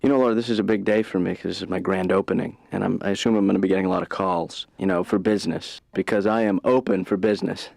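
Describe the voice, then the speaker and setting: A gravelly, fast-talking grown son. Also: male voice, deep voice, steady tone, darkish tone, dry recording. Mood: teasing. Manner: teasing, rambling, talks over others. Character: brash grown son, cocky and needling.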